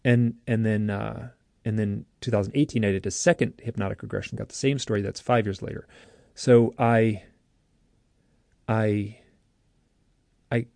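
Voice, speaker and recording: A man, an author and interview guest, telling a story in an earnest, lively way, often restarting his sentences. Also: lowish voice, moderate pace, creaky, pauses often, dry recording, studio quality. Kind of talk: animated storytelling.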